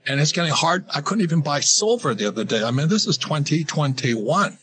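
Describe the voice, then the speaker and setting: A man's voice: on the high side, sing-song, fairly quick, a bit bright. An older man talking in a casual interview, rambling with restarts while telling anecdotes. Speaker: guest, financial author.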